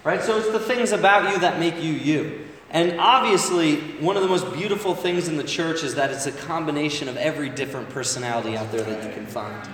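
A man's voice: fairly high pitch, brisk, a bit bright, distant mic, slight background noise. Man preaching in an echoey hall. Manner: conversational, asks the crowd "right?" often. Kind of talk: sermon. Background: congregation calling back.

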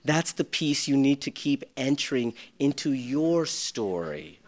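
A middle-aged man preaching a sermon, swinging between loud bursts and hushed lines, with self-deprecating humor. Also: mid-range voice, animated, a little slow, hardly any pauses. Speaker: pastor.

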